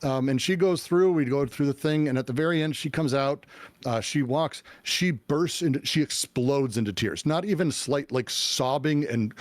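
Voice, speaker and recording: A middle-aged man telling his life story as an interview guest, animated and swearing, with many fillers and restarts. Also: fairly high pitch, normal speed, no echo. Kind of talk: casual storytelling.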